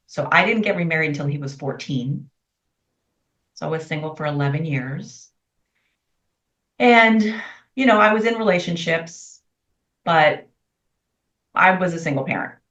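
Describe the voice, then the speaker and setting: A middle-aged woman speaks in a lowish voice, chatty and expressive as she tells stories in an interview. The recording is dull and roomy, as if she sits some way from the mic. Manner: chatty, expressive, quotes herself in lively voices. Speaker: guest. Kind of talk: candid interview storytelling. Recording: far from mic in an echoey room, dull sound.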